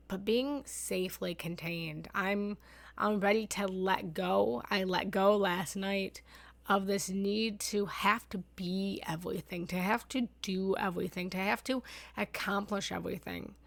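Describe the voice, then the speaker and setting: A woman's voice: mid-range voice, steady tone, measured pace, creaky, fairly bright tone, no echo. A woman in her thirties, a meditation teacher sharing heartfelt personal reflections in a live online session, talking in flowing, repeated phrases.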